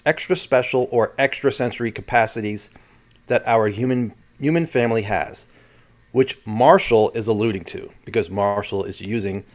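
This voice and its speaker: Rambling man giving casual commentary. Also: medium pitch. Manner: rambling, self-correcting, many restarts. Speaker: channel host. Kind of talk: casual spoken commentary reading out a transcript.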